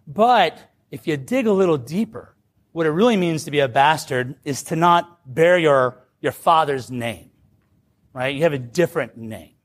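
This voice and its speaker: Speaking at normal speed in a fairly high voice, a man recounts something from his own life during a talk. He restarts often and leans on "like" constantly, keeping it informal and lively, while the roomy, distant recording picks up faint noise behind him.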